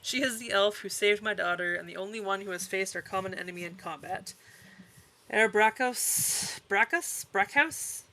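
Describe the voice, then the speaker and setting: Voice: mid-range voice, moderate pace, bright, forceful tone, low-quality recording. A streamer reading a formal wealthy host.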